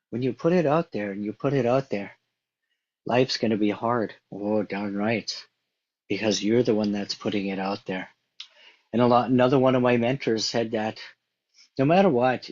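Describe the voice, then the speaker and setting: Man, motivational speaker, earnest and repetitive, mid-pitched voice, slightly dull lo-fi sound. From Canada. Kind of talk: motivational talk.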